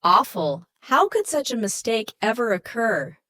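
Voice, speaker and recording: A woman voicing a soft-spoken, formal and apologetic male diplomat on the phone. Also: on the high side, very animated, unhurried, pitched above the performer's own voice, heavily acted.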